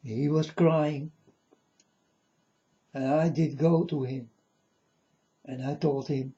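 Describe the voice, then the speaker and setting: A man with a high, mellow voice speaks slowly in an earnest, halting religious monologue, his phrasing not quite native. The recording is dull and lo-fi. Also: steady tone. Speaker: religious video maker.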